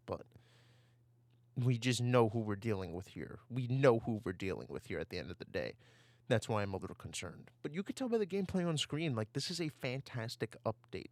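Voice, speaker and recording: A man's voice: medium pitch, a bit bright, dry recording. A man ranting over gameplay footage on a desk mic, heated and given to repeating himself. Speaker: gaming YouTuber. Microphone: desktop mic.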